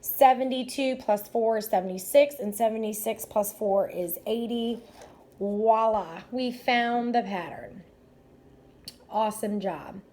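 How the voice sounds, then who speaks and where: A woman's voice: on the high side, a little slow, dark tone. A woman teacher working through math problems aloud, step by step, in an upbeat, encouraging way. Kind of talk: math lesson walkthrough.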